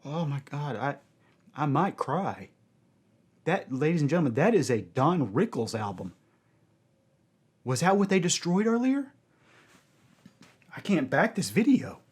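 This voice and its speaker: A man hosting a music video reaction, talking to his audience and breaking into loud cries of dismay and delight. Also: a little high, big pitch swings, unhurried, pauses often, breathy edge. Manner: addresses audience as ladies and gentlemen.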